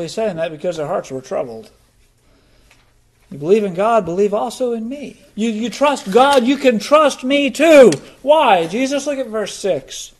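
A middle-aged man preaching a sermon, slow and deliberate, letting key words drop low for emphasis. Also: darkish tone. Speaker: pastor.

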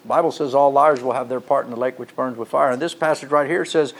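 A man preaching a sermon who reads scripture and swings from loud emphasis to hushed tones, using repeated rhetorical questions. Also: mid-range voice, fairly even intonation, quick pace, few pauses.

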